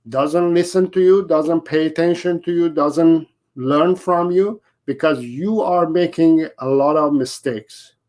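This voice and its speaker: Dog trainer, male, unhurried live talk, slightly high voice, repeats himself to drive points home. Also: darkish tone. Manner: repetitive, acts out owners and dogs in quick asides.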